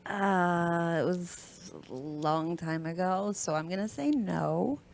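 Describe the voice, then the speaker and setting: A woman's voice: on the low side, slow pace, creaky, slight background noise. A woman being interviewed as a guest, answering hesitantly with fillers and small laughs.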